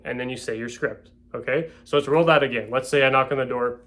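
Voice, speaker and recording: A man's voice: mid-range voice, quick pace, fairly bright tone. A man who sells real estate, at home, giving a casual spoken lesson on door-to-door sales. He keeps checking in with his listeners and acts out door-step scripts.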